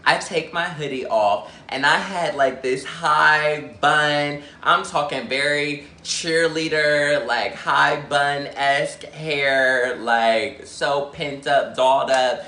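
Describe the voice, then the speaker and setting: Guy telling a storytime on his channel, says like a lot, bright voice, echoey room. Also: medium pitch. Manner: chatty, heavy "like" fillers, animated retelling. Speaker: YouTuber. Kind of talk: storytime vlog.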